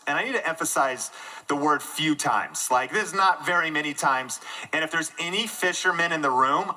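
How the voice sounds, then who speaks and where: A man giving an energetic live keynote talk to an audience in a room, joking at his own expense. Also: fairly high pitch, low-quality recording. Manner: energetic and self-deprecating, jokes with the audience. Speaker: conference speaker.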